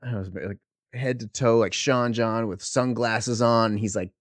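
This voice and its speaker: A man's voice: medium pitch, normal speed, no room sound. Man telling a profane story on a podcast. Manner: profane, animated storytelling with laughs. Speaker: podcast co-host. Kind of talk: casual chat, storytelling.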